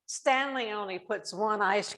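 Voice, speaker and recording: A woman's voice: mid-range voice, unhurried, fairly bright tone, natural voice. A woman voicing her elderly mother, who has dementia and keeps asking to go home. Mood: insistent.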